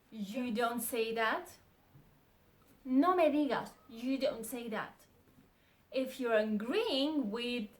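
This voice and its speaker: A young adult woman teaching a language lesson, saying model phrases slowly and repeating them. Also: sits high, fairly bright tone.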